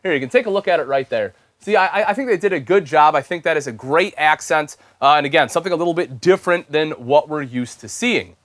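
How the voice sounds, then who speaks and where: A man's voice: a little high, animated, fast talker, few pauses, fairly bright tone, no echo. A young man hosting an RV show, giving an enthusiastic, chatty sales walkthrough inside a travel trailer and calling viewers "folks". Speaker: RV show host.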